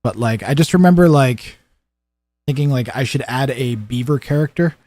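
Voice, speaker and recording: Chatty young male streamer, dark dry voice. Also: mid-range voice, moderate pace, no echo. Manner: rambling, chatty, many fillers and restarts. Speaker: streamer and game caster. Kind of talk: casual live-stream chat and commentary.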